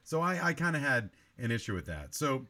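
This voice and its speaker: A man's voice: mid-range voice, sing-song, brisk, bright, forceful tone. A man hosting a movie review podcast, critiquing a film in long, analytical, run-on remarks in casual chat.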